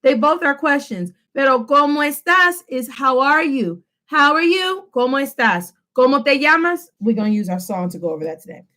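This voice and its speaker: A woman teaching a Spanish lesson, switching between English and Spanish and slowing down to stress key phrases. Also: high-pitched, animated, sharp tone. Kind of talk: classroom lesson.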